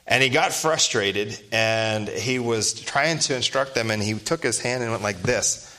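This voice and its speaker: A man's voice: mid-range voice, measured pace, sharp tone. A man in his thirties preaching a sermon, stressing his points and posing rhetorical questions to the congregation. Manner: emphatic, asks rhetorical questions. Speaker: pastor.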